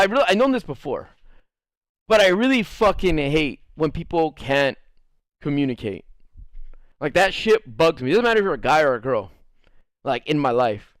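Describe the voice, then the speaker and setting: Young male streamer, fairly high voice, dry close sound, animated and profane, rambling casual storytelling. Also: dry recording. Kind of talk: casual storytelling while gaming.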